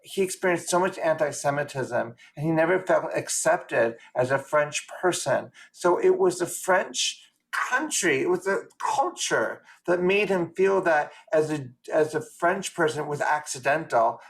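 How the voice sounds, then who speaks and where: Earnest man talking fast on a call. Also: on the high side, animated, creaky, fairly bright tone. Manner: quick, earnest, opinionated with restarts. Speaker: rabbi, class participant. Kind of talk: discussion in an online class. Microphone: video call.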